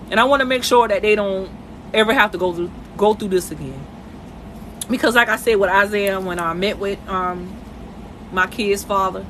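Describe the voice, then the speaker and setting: Bright-voiced woman on a phone live stream. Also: mid-range voice, slight background noise. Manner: emotional, conversational, addresses viewers directly. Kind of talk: casual live-stream monologue. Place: at home, in bed.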